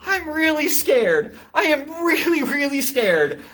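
Man putting on a high, anxious young boy, scared and pleading. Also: very animated, slow pace, fairly bright tone, heavily acted. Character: frightened young boy student.

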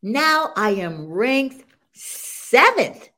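Older woman guest, senior sprinter; high and bouncy delivery, unhurried, laughs a lot. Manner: animated, laughs often, proud. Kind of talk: casual interview storytelling.

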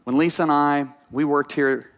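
A pastor preaches a sermon, telling stories animatedly and swinging between quiet asides and emphatic points. His voice is on the high side and his pace moderate.

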